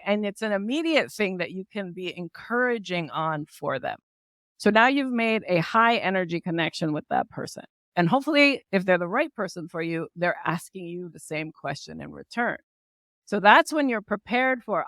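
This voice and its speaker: A woman's voice: mid-range voice, normal speed, dry recording. Peppy woman on a podcast, dry close sound, chatty and fired up. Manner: upbeat, energetic, talks with her hands in her voice, lots of "like" and "right?". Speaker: guest entrepreneur. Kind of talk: casual podcast interview.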